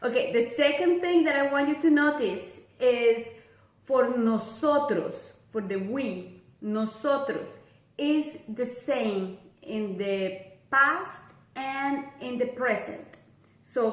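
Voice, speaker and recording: Slow, patient woman teaching Spanish. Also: on the high side, roomy sound, rough recording. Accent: Latin American Spanish. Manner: slow, patient, repeats and drills examples. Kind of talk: language lesson.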